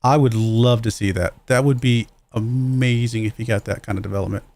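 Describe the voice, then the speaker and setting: Male streamer, mid pitch, gravelly, close dry sound, musing aloud through his game. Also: fairly even intonation, fairly quick, darkish tone, dry recording. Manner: musing aloud, self-deprecating, chuckles at own mistakes. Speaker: streamer playing a football management game. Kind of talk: casual livestream commentary.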